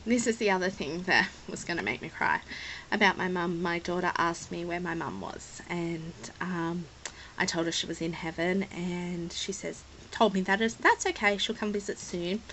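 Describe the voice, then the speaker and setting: An Australian scrapbooking vlogger chats casually while showing a scrapbook, rambling, apologizing and at times close to tears. Her voice is on the low side and a bit bright, in a rough recording with slight background noise.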